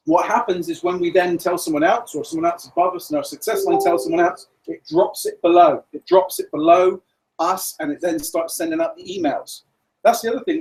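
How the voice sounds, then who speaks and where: A man gives a business presentation in a meeting room, casual and full of fillers. His voice sits high for a man. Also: darkish tone, low-quality recording. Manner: casual, rambling, many fillers.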